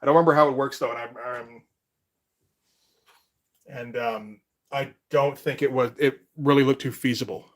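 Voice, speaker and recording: A man's voice: mid-range voice, steady tone, moderate pace, long pauses. A man chatting casually on a live stream as a comic artist, rambling and laid-back, with casual swearing.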